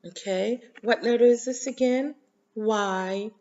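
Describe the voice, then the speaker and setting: A woman's voice: medium pitch, expressive, slow pace, dull audio. A woman with a Haitian accent teaching a children's phonics lesson, drilling letter sounds in a sing-song call-and-response.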